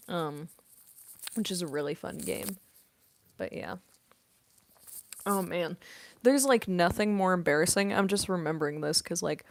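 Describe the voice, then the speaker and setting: A young woman and voice actress chatting in a quiet, soft-spoken late-night Q&A at home, laughing often. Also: fairly low pitch, no room sound, studio quality. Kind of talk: casual late-night Q&A chat.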